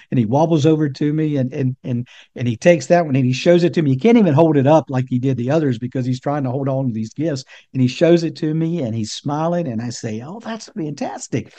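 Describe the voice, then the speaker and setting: A man in his sixties, a healing coach telling a personal story in an earnest, fatherly, gently paced way. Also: medium pitch, no room sound. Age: 60s. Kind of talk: reflective personal storytelling monologue.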